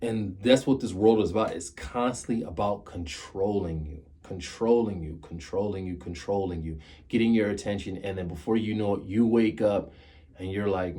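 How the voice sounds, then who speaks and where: A motivational vlogger in his thirties gives his viewers a casual, earnest talk in a fairly low, mellow voice at normal speed, repeating key phrases to drive his point home.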